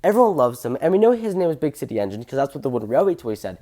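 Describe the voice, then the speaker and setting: An eager train enthusiast chatting through a casual fan video at a middling pitch. They ramble happily, trip over details and correct themselves mid-sentence. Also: very animated, very fast, dark tone. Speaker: train fan channel host.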